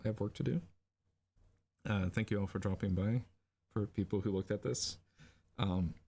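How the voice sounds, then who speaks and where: A man sketching a scene live on stream and narrating it off the cuff, lively and rambling with fillers. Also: on the low side. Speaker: storyboard artist streaming a lesson. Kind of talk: improvised livestream narration.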